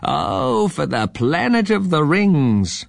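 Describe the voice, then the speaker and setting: A man voicing a strange little old man who claims to be an eagle, with a high drawling squawk. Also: very animated, slow pace, gravelly, no echo, studio quality, full character voice. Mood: longing.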